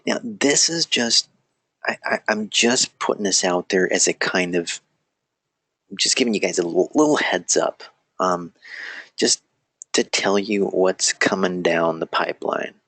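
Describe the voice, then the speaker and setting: A low-pitched, gravelly man, pushed and bright yet unhurried and expressive, teaches a casual live online class. Feeling a little weak, he rambles, stumbles through frequent restarts, jokes about himself and drifts off topic. There is no room sound.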